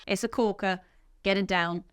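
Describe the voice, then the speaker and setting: An upbeat woman teaches a drum lesson, counting the beats out loud while she plays a loud kit in a music studio. Her voice is smooth and medium-pitched, with fairly even intonation at a moderate pace, and there's no echo.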